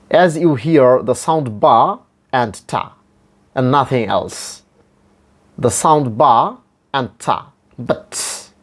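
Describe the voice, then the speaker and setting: Slow, deliberate male phonetics teacher. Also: mid-range voice. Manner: slow and deliberate, repeats each word and spells it out. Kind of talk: slow pronunciation lesson.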